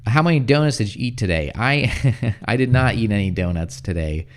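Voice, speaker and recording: An American man giving a casual livestream English lesson, chatting with viewers and explaining words slowly, often checking with "right?". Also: fairly low pitch, animated. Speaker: English teacher. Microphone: streaming setup.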